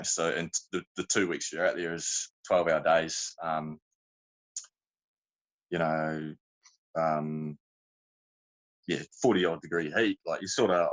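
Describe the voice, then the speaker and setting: A low-voiced man with a fairly bright tone and clipped highs speaks in a New Zealand accent. He's a podcast guest spinning long, meandering yarns, cutting himself off and peppering the casual storytelling chat with slang.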